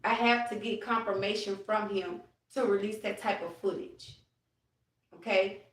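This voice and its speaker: A woman's voice: mid-range voice, moderate pace, recorded from a distance. Woman chatting live in a roomy space. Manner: animated, talks to her late grandfather and viewers. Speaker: livestreamer. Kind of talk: casual live chat. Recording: roomy, off-mic phone audio.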